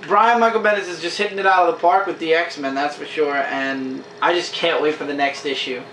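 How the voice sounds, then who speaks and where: A man chatting casually as a comic book reviewer, enthusiastic and acting out characters' lines in quick quotes. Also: fairly high pitch, fairly even intonation, fairly bright tone, far from the mic. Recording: echoey room, faint hiss.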